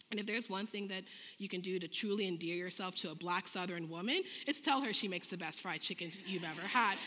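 A woman in her thirties giving a sermon full of stories, acting out conversations with lively jumps in her voice. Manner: animated, acts out dialogue with big pitch jumps. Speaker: preacher. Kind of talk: sermon with storytelling. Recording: long reverb of a large hall.

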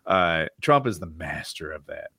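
A man's voice: deep voice, animated, normal speed, pushed and bright, breathy edge, no echo. A man in casual political chat, thinking aloud and hedging with lots of "like". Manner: musing, hedging with frequent "like".

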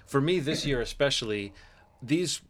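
A man co-hosting a film podcast, leading the casual chat with lively questions. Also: medium pitch, normal speed. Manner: lively, leads the talk with questions. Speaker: podcast co-host.

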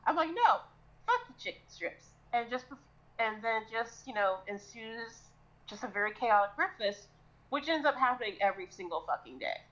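A woman co-hosting a podcast, telling a crude, lively comic scenario full of swearing. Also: fairly high pitch, normal speed, lo-fi sound. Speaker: podcast co-host. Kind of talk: casual comedic storytelling.

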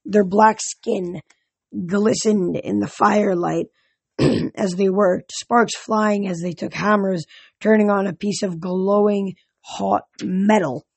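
Husky, stumbling amateur reader. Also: mid-range voice, fairly even intonation, slow pace, no echo. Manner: stumbling over words and restarting. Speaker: audiobook reader. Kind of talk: amateur audiobook narration.

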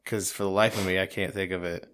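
Rambling, lower-voiced podcast co-host man. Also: level tone, fast talker, a bit bright. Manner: loose, rambling, swearing, joking. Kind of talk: casual chat.

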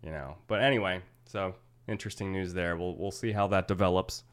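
Low-voiced man in casual chat. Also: fairly quick. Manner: relaxed, rambling, jokey. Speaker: podcast co-host.

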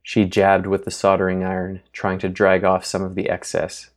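A man reading a novel aloud as an audiobook narrator in steady, even storytelling. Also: low voice, moderate pace. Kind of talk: scripted narration.

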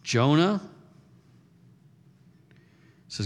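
A man in his fifties preaching a sermon as a pastor, telling stories in a conversational, animated way. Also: mid-range voice, unhurried, long pauses. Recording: long hall reverb.

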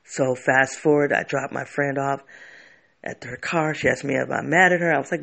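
A man's voice: medium pitch, fairly even intonation, moderate pace, gravelly, fairly bright tone. A man telling a candid personal story to camera, reflective and often restarting his sentences.

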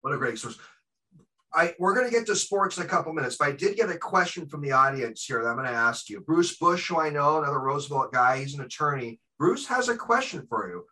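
A man hosting a sports podcast, asking his guest questions in a quick, eager way. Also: a little high, lively intonation, bright, forceful tone, low-quality recording. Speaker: podcast host. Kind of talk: interview questions.

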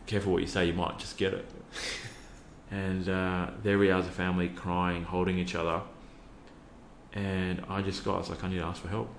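A man's voice: low voice, flat delivery, moderate pace, gravelly, roomy sound, a little hiss or hum. A man, a youth worker, telling a personal story earnestly with many fillers and restarts. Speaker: podcast guest, youth worker.

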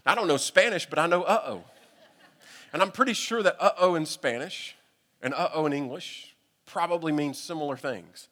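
A man with a Southern US accent, a pastor telling a humorous, animated story during a sermon. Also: a little high. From United States. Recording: long reverb from a hall.

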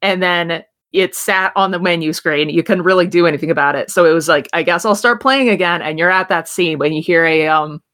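A woman's voice: deep voice, steady tone, a little fast, hardly any pauses, a bit bright. A woman narrating as game master in a tabletop game, rambling and self-deprecating as she describes scenes.

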